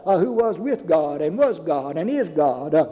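A man preaching a sermon in a halting way, full of fillers, calling his listeners beloved. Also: a little high, very animated, dark tone. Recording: dull lo-fi recording with long reverb.

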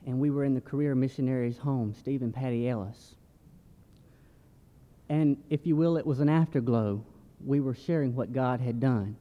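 A man telling a reflective testimony in church in a measured way. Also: medium pitch. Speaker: church member giving mission testimony. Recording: muffled church hall recording.

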